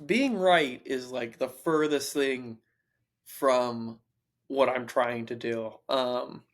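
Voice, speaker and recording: A man's voice: medium pitch, slow pace. Rambling man chatting about a book. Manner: rambling, stream of consciousness, many fillers and restarts. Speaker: podcast co-host. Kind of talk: casual book discussion.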